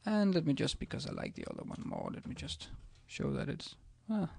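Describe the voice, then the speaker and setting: A man's voice: medium pitch, wildly swooping pitch, a little fast, gravelly, darkish tone, slightly rough. A man teaching a language in a casual screencast, hesitant, with many ums and restarts as he types examples. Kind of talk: screencast lesson, typing examples.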